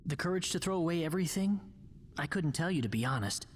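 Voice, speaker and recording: A steady young hero in a game, offering plainspoken encouragement. The voice sits fairly low, with a long reverb. Faint noise hangs behind it. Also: female voice, fast. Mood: reassuring. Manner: steady, reassuring, matter-of-fact.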